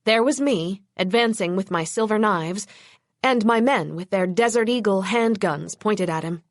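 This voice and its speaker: A woman narrates an audiobook in the first person, tense and driving, with a mid-range pitch. The recording is close and dry, with no room sound. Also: normal speed, no room sound.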